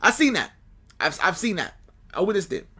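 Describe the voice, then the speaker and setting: A man with a fairly high voice, chatting as a football fan on a podcast. He talks animatedly and with exasperation, circling back over the same points again and again. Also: moderate pace, husky. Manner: animated, exasperated, repeats himself. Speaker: sports podcast co-host. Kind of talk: casual fan chat.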